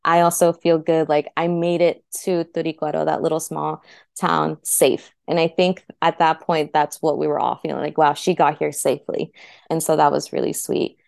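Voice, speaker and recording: Smooth low-pitched young woman, dry sound. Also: little pitch movement, moderate pace, darkish tone, no echo. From United States. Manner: chatty, heavy use of "like", heartfelt. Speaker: interview guest. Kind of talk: casual personal storytelling.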